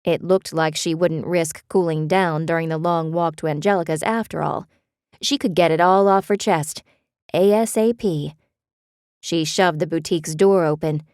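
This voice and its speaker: Brief: woman narrator, lowish voice, steady read, very dry close sound. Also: no room sound. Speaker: audiobook narrator. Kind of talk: scripted narration.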